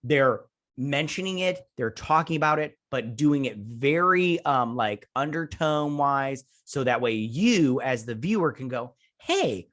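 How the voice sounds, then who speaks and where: A man's voice: medium pitch, expressive, unhurried, fairly bright tone. A man in his thirties hosting a review show, recapping an episode in a rambling, casual way, full of fillers and jokey asides.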